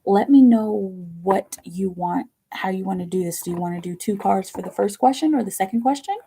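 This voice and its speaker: A woman hosting a live tarot reading stream, talking casually in a slow, halting way, repeating words and murmuring to herself as she shuffles. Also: mid-range voice, gravelly, mellow, breathy edge, low-quality recording.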